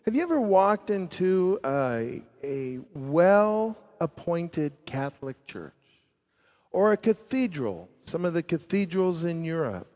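Male pastor, high voice, slow sermon, big echoey church, gets loud then drops way down. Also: sing-song. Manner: dramatic swings between loud emphasis and hushed low endings. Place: church sanctuary. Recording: long reverb of a large church.

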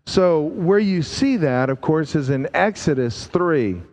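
Man, preacher, sermon, unhurried emphatic delivery, fairly high voice, long hall reverb. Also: animated, a little mellow. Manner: slow and emphatic, drawing out key words with deep drops in pitch.

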